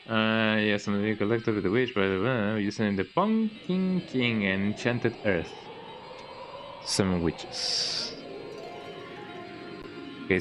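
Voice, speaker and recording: A man streaming a video game, rambling casually and tagging his lines with "eh?". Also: on the low side. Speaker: gaming streamer. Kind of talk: casual let's play commentary. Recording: game music playing behind.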